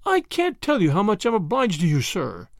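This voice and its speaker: A man's voice: sits high, sing-song, normal speed, no echo. A man voicing a fretful, chatty old grandmother who talks in a tremulous, anxious way. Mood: relieved.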